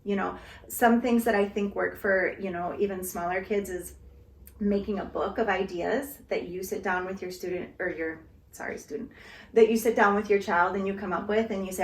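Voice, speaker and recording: Woman, even middle pitch, patient explainer, echoey room. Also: normal speed. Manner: calm, explanatory, acts out parent-child dialogue. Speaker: guest speaker on parenting. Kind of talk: casual conversation.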